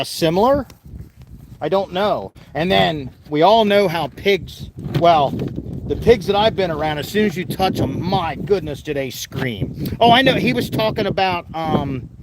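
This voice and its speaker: A man chatting casually in a farm vlog outdoors, turning to talk softly to his animals, with animal sounds behind him. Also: sits high, expressive, measured pace, background noise. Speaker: farm vlogger.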